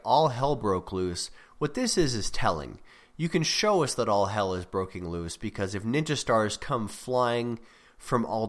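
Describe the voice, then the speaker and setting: A man hosting a podcast, talking casually about writing craft with fillers and restarts. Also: lowish voice. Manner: conversational, self-correcting with frequent fillers. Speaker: podcast host.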